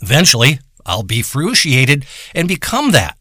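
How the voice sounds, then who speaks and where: A man telling a rambling, profane comic story in a crude, deadpan way. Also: medium pitch, normal speed, breathy edge, dry recording, clean studio sound. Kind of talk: rambling comedic monologue.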